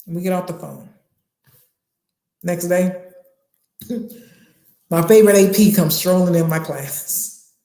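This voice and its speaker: A woman's voice: lowish voice, slow, pauses often, reverberant. A woman telling a personal story from her time as a teacher and coach, acting out the dialogue as she goes. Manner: animated retelling with acted dialogue.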